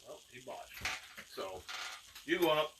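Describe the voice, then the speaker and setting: A man's voice: fairly high pitch, big pitch swings, measured pace. A man narrating as game master, rambling with many fillers and breaking into acted outbursts. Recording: distant mic with faint noise.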